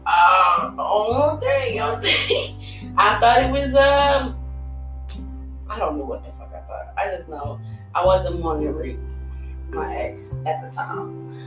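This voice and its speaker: A woman's voice: mid-range voice, expressive, slow, long pauses, fairly bright tone, faint music behind. A young woman telling a candid personal story, bluntly and emotionally, swearing and laughing often. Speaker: storytelling host. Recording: echoey room, voice far from mic.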